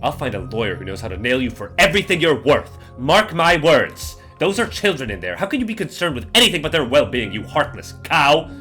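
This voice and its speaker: A man voicing an angry middle-aged mother in a game, yelling accusations in a raised, lively voice. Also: a little high, brisk, hardly any pauses, faint music behind, voice pushed up. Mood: furious. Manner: yelling, scolding.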